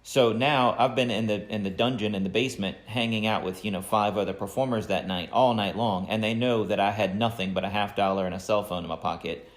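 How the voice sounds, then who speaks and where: A man hosting a podcast, telling his own stories in a relaxed, conversational way. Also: fairly low pitch, fairly quick, roomy sound. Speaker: podcast host. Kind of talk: casual interview chat.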